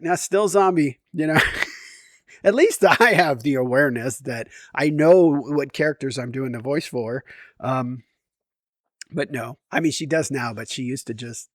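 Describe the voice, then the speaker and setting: A man's voice: on the high side, dry recording, studio quality. Rambling, self-mocking man vlogging. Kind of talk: rambling casual vlog.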